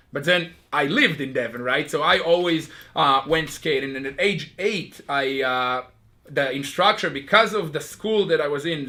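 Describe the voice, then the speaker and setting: A man, telling his life story in a casual interview with an animated, chatty manner. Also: on the high side. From Israel. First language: Hebrew. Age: 30s. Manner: animated, chatty, with frequent fillers.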